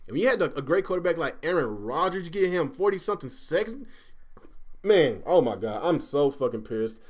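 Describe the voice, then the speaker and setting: Excitable man hosting a gaming stream. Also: on the high side. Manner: animated, swearing, excitable. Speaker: host of a gaming livestream. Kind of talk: casual chat.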